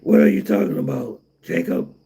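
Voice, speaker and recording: A man's voice: on the high side, very animated, moderate pace, creaky, mellow, slightly rough. A middle-aged man hosting a casual livestream, rambling and repeating himself while answering chat comments. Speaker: livestream host.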